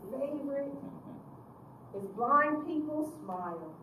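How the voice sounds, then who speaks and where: A woman youth counselor giving an expressive public speech and telling stories straight to her audience. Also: high-pitched, slow pace, slight background noise. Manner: expressive storyteller with direct address. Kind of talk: public speech with acted-out story. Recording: echoey room from a distance.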